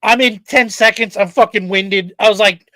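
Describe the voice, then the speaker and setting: In a casual podcast chat, the male host relates a story with lots of energy and frequent swearing. He has a high-pitched voice and a moderate pace, with no room sound in the recording.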